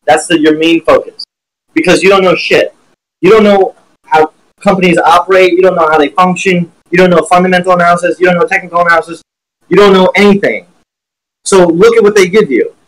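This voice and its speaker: A man teaching trading on a live stream with blunt, profane, animated talk while sharing his screen. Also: high voice, brisk, rough recording.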